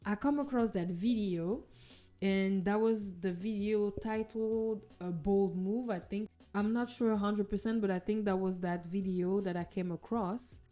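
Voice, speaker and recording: A vlogger shares her personal faith testimony with viewers, telling it in an earnest, casual storytelling manner. Her voice is mid-range and unhurried, with soft music playing in the background.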